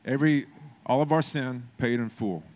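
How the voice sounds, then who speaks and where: A man's voice: mid-range voice, normal speed, darkish tone. A man preaching a sermon in a conversational way, building to emphatic, repeated phrases. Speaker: pastor.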